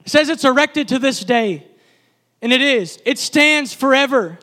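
A man's voice: very high voice, animated, a little slow, bright, forceful tone. A man preaching a sermon at a church service, speaking with passion in repeated, building phrases.

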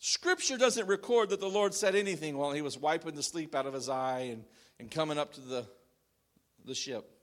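A male pastor preaching a sermon, swinging dramatically between loud proclamations and hushed, confessional asides. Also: on the high side, a little fast.

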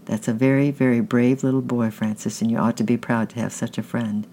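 A man reading a brisk, capable mother. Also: mid-range voice, flat delivery, dark tone, slight background noise, lightly acted. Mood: urgent. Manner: commanding and kind.

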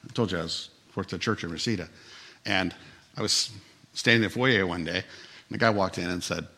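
A male pastor delivering a sermon with a somewhat low, husky voice. He talks like he is telling a story to friends, relaxed and a little humorous. When he drives a point home he becomes earnest and emphatic. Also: brisk.

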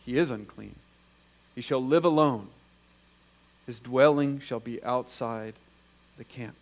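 A man preaching a sermon, acting out quoted voices and swinging from hushed to loud. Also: medium pitch. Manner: dramatic, acts out the quoted voices.

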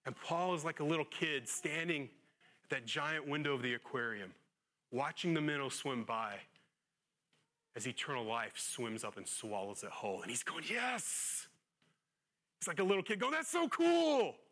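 A man preaching a sermon as pastor, earnest, rising louder on rhetorical questions and dropping low and hushed on solemn lines. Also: animated, moderate pace.

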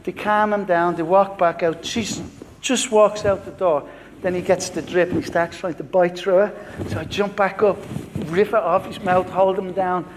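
A man's voice: high-pitched, steady tone, normal speed, in a large hall, noisy background. A man in his fifties, a pastor, preaching a sermon built on a personal story and acting out the dialogue.

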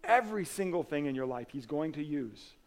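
A man's voice: fairly high pitch, expressive, a little fast. A man preaching a sermon as pastor, earnest and conversational, with casual asides and restarts. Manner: earnest, swings from emphatic to soft and quiet.

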